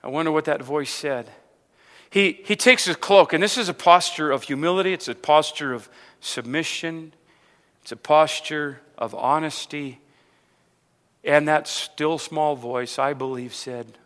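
Bright-voiced male preacher in a reverberant hall. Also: unhurried. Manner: repeats words, asks the crowd rhetorical questions; builds to loud emphatic stretches, then drops low. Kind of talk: sermon.

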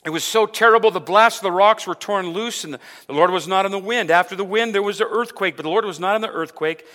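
A male preacher delivering a sermon, asking the congregation rhetorical questions, repeating words and building to loud emphatic passages. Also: fast talker. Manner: builds to loud emphatic stretches, then drops low. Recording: long hall reverb.

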